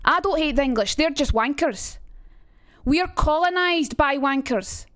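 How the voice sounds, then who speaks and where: A woman putting on an Edinburgh accent to play a bitter, swearing Scottish man, gruff and harsh. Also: high voice, expressive, measured pace, a bit bright, dry recording, studio quality.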